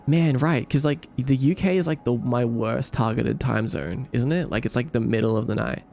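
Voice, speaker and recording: A man's voice: medium pitch, moderate pace, gravelly, darkish tone, faint music behind. A man streaming live, chatting loosely and rambling to his viewers from a home setup. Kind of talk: casual live-stream chat.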